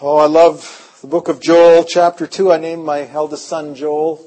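High-voiced impassioned male preacher. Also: little pitch movement, unhurried, few pauses, rough recording. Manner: impassioned, swings from hushed to loud. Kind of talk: sermon. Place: conference hall.

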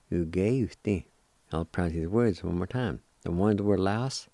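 A man hosting a radio language lesson, spelling and pronouncing each word slowly and patiently, repeating it several times. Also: sits low, gravelly, dark tone, no echo. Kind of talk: slow spelling and pronunciation lesson.

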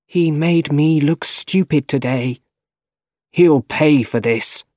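A man's voice: a little high, slow, a little mellow, dry recording, clean studio sound, pitched above the performer's own voice. Harry: a man doing a bitter, vengeful young heir. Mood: bitter, resentful.

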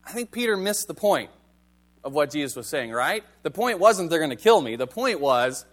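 A man's voice: on the high side, big pitch swings, moderate pace, fairly bright tone. A male pastor giving a sermon in a conversational, wry manner, reading scripture and asking the congregation rhetorical questions.

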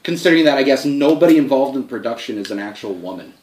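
A man's voice: medium pitch, lively intonation, quick pace, echoey room, a crowd in the background. A man co-hosting a casual podcast chat, rambling and filling his talk with "like" and "um". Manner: rambling, hedging with "like".

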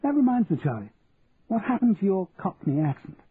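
A man's voice: high voice, sing-song, fairly quick, pitched above the performer's own voice. A man voicing a witty, upper-class English lady who teases her guests in a posh drawl. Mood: teasing. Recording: tinny, phone-like audio, faint hiss.

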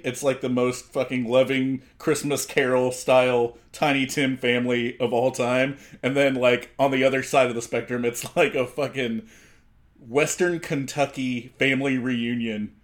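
An easygoing man co-hosting a podcast, with a voice of ordinary pitch. He moves between relaxed banter and reading out background notes. He chuckles lightly between lines. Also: normal speed. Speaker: podcast co-host. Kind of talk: casual chat with scripted segments.

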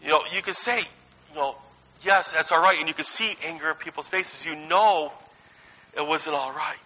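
A man in his thirties preaching a conversational sermon, telling family anecdotes and moving between lively and hushed delivery. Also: fairly high pitch, moderate pace, rough recording.

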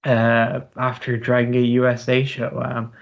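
Gravelly Irish man, rambling chat. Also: medium pitch, monotone, unhurried. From Ireland. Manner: rambling with many fillers and restarts. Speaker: podcast host. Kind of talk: casual chat. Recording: dull lo-fi podcast audio.

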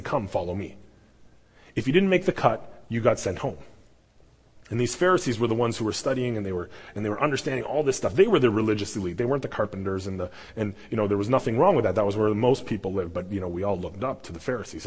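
A man's voice: mid-range voice, darkish tone, breathy edge, in a large hall. A man preaching a sermon as pastor, talking in a loose, conversational way with restarts and emphatic stresses. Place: church sanctuary.

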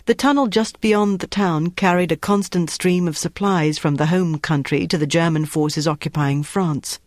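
An audiobook narrator reading a novel in a steady, even storytelling voice. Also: medium pitch, normal speed, dry recording, studio quality. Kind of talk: scripted narration.

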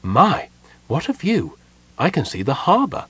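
A man voicing an excitable, fussy male gnome with shrill outbursts, read aloud as a storybook figure. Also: measured pace, breathy edge, no echo, exaggerated voice.

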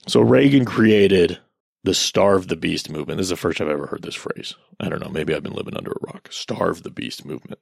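Low, gravelly sarcastic male ranter. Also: a little fast, no echo, clean studio sound. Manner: sarcastic, ranting, profane. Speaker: commentator. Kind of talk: casual commentary reading online posts.

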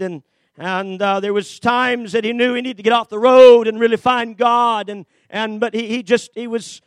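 A man preaching a sermon as a story, swinging between shouted peaks and hushed low stretches, with many fillers and repeated starts. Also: dry recording. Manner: dramatic, rises to shouts then drops low.

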